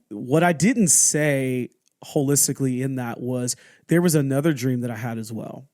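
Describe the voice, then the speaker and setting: A man's voice: medium pitch, darkish tone, no echo, studio quality. Candid man telling a personal story. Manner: candid and halting, with restarts and acted-out quotes. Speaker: podcast host.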